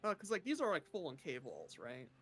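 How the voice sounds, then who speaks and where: Musing player with a lively, swooping pitch. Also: a little fast, breathy edge. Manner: chatty, musing, heavy use of "like". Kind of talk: casual tabletop play.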